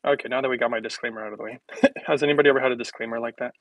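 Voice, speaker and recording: A man's voice: mid-range voice, steady tone, racing, no room sound, low-quality recording. Rambling, joking man on a kitchen livestream. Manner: rambling, joking, laughs often, talks to viewers. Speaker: health livestream host. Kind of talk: casual livestream chat.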